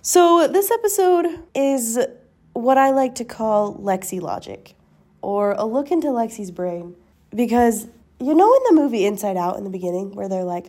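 A woman's voice: a little high, big pitch swings, normal speed, dark tone. A young woman hosting a podcast, rambling casually and laughing at herself. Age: young adult. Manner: rambling, self-deprecating, laughs often. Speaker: podcast host. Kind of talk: casual chat.

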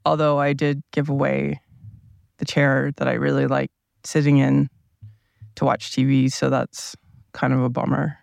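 His delivery is completely flat, medium in pitch and creaky, with no room sound. Sitting at a table in a parked RV with a small plug-in mic running off a tablet, the man rambles through a solo podcast in a groggy morning voice, unhurried and self-questioning.

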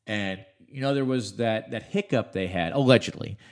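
A man's voice: fairly low pitch, moderate pace. A middle-aged man, a radio host, rambling chattily through a solo podcast while sounding congested from allergies. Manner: chatty, rambling, self-interrupting. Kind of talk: casual podcast monologue.

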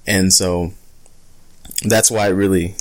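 A man's voice: sits low, steady tone, takes it slowly. A man co-hosting a podcast, chatting casually and enthusiastically. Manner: enthusiastic, laughing. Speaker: podcast co-host.

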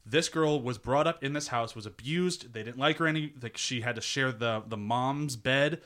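A man with a bright, forward voice gives a casual spoken pitch of a film. He is laid-back and laughs easily, swears freely and leans on "like" as a filler. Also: normal speed. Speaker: panelist pitching a movie.

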